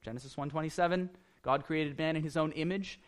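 A pastor preaching an earnest sermon, repeating phrases for emphasis and building in intensity. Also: male voice, on the high side, fairly quick.

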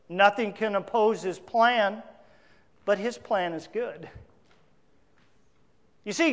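A male pastor preaching a sermon, emphatic, with big swings between loud declarations and quiet asides. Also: high-pitched, in a large hall.

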